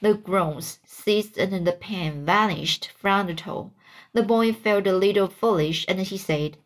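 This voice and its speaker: A woman reading a classic storybook aloud at an unhurried pace, with small slips and restarts. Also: mid-range voice. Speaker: audiobook narrator.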